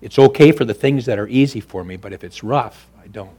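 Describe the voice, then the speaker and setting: A male pastor preaching a sermon, swinging between loud, raised preaching and quiet, low, intimate speech. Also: fairly quick, breathy edge.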